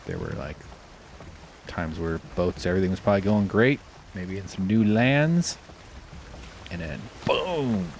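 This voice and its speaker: A man with a fairly low voice gives loose, casual commentary while he plays a game. He drifts from thought to thought, swears easily and makes jokes at his own expense. A faint hum of noise sits behind him. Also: sing-song, moderate pace, a little mellow. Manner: rambling, swears freely, self-deprecating jokes. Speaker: game streamer.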